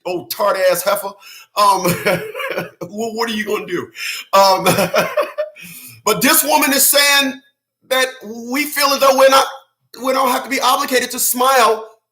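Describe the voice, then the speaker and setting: A man hosting his own channel, ranting to viewers in loud, slangy, profane commentary and laughing often. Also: extremely high pitch, measured pace, long pauses, reverberant. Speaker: channel host.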